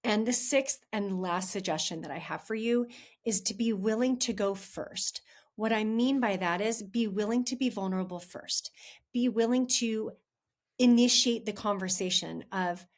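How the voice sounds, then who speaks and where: A woman's voice: mid-range voice, moderate pace. Chatty woman giving relationship advice. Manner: chatty and candid, addresses listeners as "you guys". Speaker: podcast host, relationship coach. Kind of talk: casual advice monologue.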